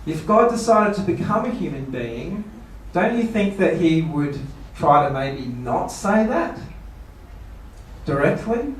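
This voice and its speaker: Echoey pastor, distant mic. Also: male voice, a little high, big pitch swings, slow pace. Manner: rhetorical questions, playful mock quotes. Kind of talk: seminar talk. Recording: echoey room, voice from far off.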